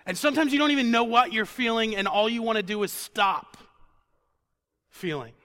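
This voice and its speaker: A man preaching a conversational sermon who repeats words for emphasis and sinks to a quiet, intense tone on solemn points. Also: high-pitched, normal speed.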